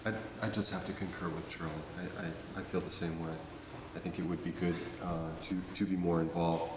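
Deep-voiced man in a noisy, echoey hall. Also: little pitch movement, fairly quick. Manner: hesitant, agreeable. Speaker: school board member. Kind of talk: public meeting discussion. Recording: echoey hall with room noise.

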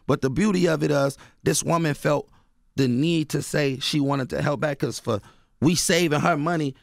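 A man's voice: a little high, moderate pace, gravelly, no room sound, studio quality. A man from Oakland, a radio guest telling loose stories packed with "you know what I mean". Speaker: guest author and rapper. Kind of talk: casual radio interview. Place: radio studio.

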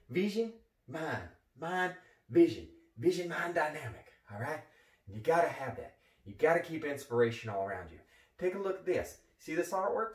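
A man's voice: on the high side, distant mic, pitched above the performer's own voice. A man playing an overeager retired gym teacher who wants to become a parkour motivational speaker, talking in a pep-talk style and repeating catchphrases. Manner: pumped-up pep-talk delivery, repeating catchphrases, frequent "all right?". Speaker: comedic character monologue. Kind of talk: comedy sketch monologue. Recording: echoey room, voice from off the mic.

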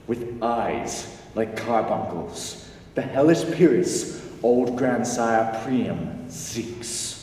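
A man's voice: on the high side, a little mellow. A man playing a grave traveling player. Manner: grave, declamatory. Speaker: stage actor. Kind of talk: live stage play performance. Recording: far echoey hall.

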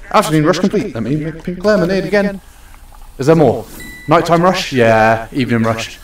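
A man's voice: on the high side, normal speed, recorded from a distance. A young man streaming a game, chatting casually and playfully bossing around the customers. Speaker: gaming streamer. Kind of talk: casual live-stream commentary. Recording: roomy echo, off from the mic.

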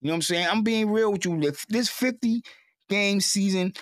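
Heated New fan ranting. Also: male voice, sits high, normal speed, no echo, clean studio sound. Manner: repetitive, heated, stammering at times. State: emotional. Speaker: sports fan commentator. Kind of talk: emotional sports rant.

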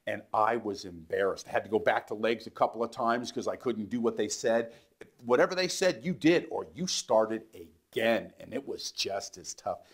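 A middle-aged man, an instructor, telling a motivational personal story in a lively way, acting out the voices of others and dropping to a near whisper. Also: deep voice.

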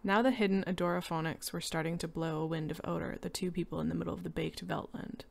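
Woman narrator, steady story reading, low pitch with a gravelly rasp. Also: fast talker. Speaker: reader. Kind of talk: reading a short story aloud.

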